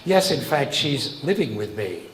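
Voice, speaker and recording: A man's voice: medium pitch, sing-song, unhurried, roomy sound, slight background noise. A man doing a brash New York barfly. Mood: boastful. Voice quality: heavy street accent. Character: fast-talking nightlife fan, adult man, brash and boastful.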